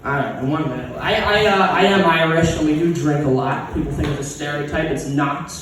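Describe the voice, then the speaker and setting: A man's voice: a little high, a little fast, fairly bright tone, slight background noise. A man doing a crude, sarcastic stand-up set at an open mic, rambling with fillers and restarts. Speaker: stand-up comic. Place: open mic comedy venue. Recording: echoey room miked from a distance.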